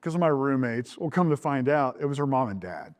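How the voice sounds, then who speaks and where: A middle-aged man, the groom, tells the story of how he met his wife. He talks candidly and jumps up in pitch when he acts out old conversations. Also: very animated, brisk. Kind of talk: recorded interview about his relationship.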